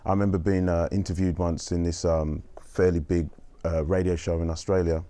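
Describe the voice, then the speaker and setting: A man's voice: low-pitched, flat delivery, a little fast, mellow. A man with a Birmingham accent, a panel guest telling anecdotes in a hesitant, stop-start way. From Birmingham, England. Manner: anecdotal, hesitant, acts out quoted voices. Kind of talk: panel discussion.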